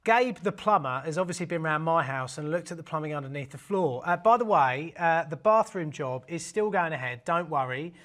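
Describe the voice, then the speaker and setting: A man's voice: fairly high pitch, expressive, brisk, hardly any pauses, fairly bright tone. A man, hosting a casual video in a cheeky, jokey manner. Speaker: host. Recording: faint music underneath.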